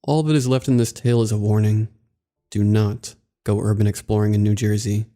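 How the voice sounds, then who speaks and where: A man narrating a scripted horror story in a measured, somber way. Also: on the low side, little pitch movement, dark tone.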